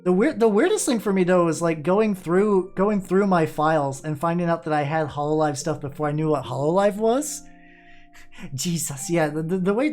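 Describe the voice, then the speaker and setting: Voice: medium pitch, a little mellow. A VTuber streamer chatting casually while painting, rambling, restarting sentences and trailing off into mumbles. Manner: quick restarts and repeated words. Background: faint music playing.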